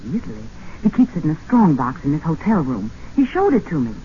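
A woman's voice: deep voice, sing-song, brisk, dark tone. An actress playing a young woman who talks in an earnest, urgent, persuasive way. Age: young adult. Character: young Southern woman, practical and scheming. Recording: muffled old film soundtrack, faint hiss.

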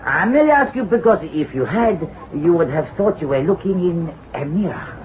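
A man voicing a suave, insinuating go-between who speaks formally and politely in a somewhat high voice that lifts and dips. The old radio drama recording sounds dull and faintly hissy. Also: animated, moderate pace, natural voice. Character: smooth male associate of a financier. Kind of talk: vintage radio drama acting.

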